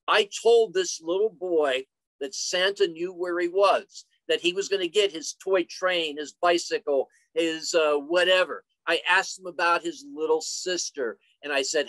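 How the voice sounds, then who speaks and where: A man's voice: sits high, a little slow, a bit bright, no room sound, rough recording. An older man presenting an online career talk, chatty and full of stories and joking asides. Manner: chatty, storytelling, jokey asides. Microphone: computer mic on a video call.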